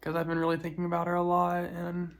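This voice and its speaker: A woman talking in a personal vlog, soft and reflective, grieving, with small laughs between her words. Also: on the low side, completely flat delivery, fast. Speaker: vlogger.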